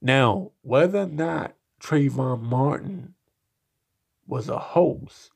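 A man giving blunt, profane solo commentary, slow and halting, with frequent restarts. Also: mid-range voice, expressive, creaky, husky. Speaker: podcast commentator.

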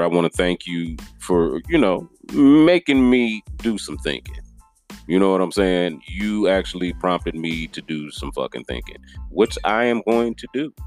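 A man talking on his own podcast in an earnest, apologetic way, often repeating himself. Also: a bass voice. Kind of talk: casual podcast monologue.

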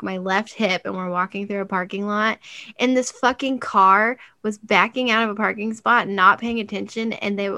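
A young woman telling a story in casual chat, animated and swearing, laughing often. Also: medium pitch, dry recording.

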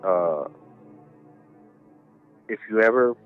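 Rambling low-voiced man, tinny line. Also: animated, extremely slow. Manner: rambling, many "you know"s, heavy swearing. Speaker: podcast guest. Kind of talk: casual storytelling chat. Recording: tinny phone-like line with faint music.

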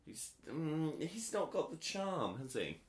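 A man's voice: fairly high pitch, very animated, takes it slowly, echoey room. A man co-hosting a podcast in casual chat, teasing and argumentative, laughing often. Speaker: podcast co-host.

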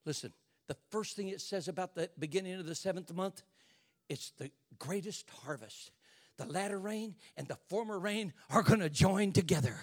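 Preaching as a bishop, an older man with a high voice delivers an impassioned sermon at normal speed, dropping to hushed asides and then rising to shouts.

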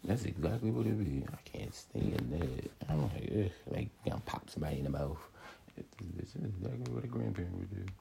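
A man's voice: low voice, fast talker, gravelly, noisy background. A man hosting his own show, ranting casually and swearing freely. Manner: swearing freely, animated, jumps into mocking quoted voices. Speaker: podcast host. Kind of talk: casual solo rant.

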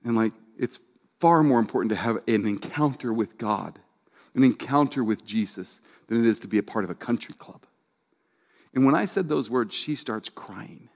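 A man, a pastor, preaching a sermon in a casual, storytelling way, dropping low and quiet for quoted lines and emphasis. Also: normal speed, gravelly.

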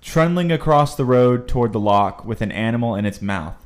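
A man's voice: medium pitch, lively intonation, brisk. A young man co-hosting a casual podcast, reading facts aloud from his notes with easy chatter. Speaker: podcast co-host.

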